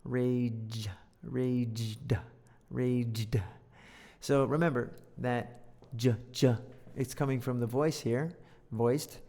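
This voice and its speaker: A man teaching an English lesson, reading a storybook aloud and joking around between explanations. He speaks slowly in a gravelly voice. A long hall reverb trails after his words. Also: medium pitch, steady tone, dark tone. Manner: playful, jokey asides.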